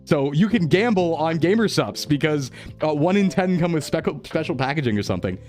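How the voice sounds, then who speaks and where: A man's voice: fairly high pitch, expressive, a little fast, darkish tone, faint music behind. A young man chatting casually on a live stream, rambling, reading chat aloud and laughing often. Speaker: VTuber streamer.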